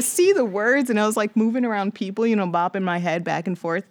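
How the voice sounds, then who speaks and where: A woman from the Bronx in her thirties, a podcast guest telling a personal story with animated acted-out quotes. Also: brisk, dry recording, clean studio sound. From the Bronx, New York. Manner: animated, acts out quoted voices with big pitch jumps.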